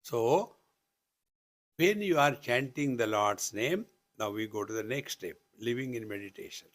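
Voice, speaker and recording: A man's voice: medium pitch, lively intonation, measured pace. A man with an Indian English accent giving a live spiritual discourse at a retreat, teasing and chanting as he teaches. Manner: playful, teasing asides and chanting. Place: retreat hall.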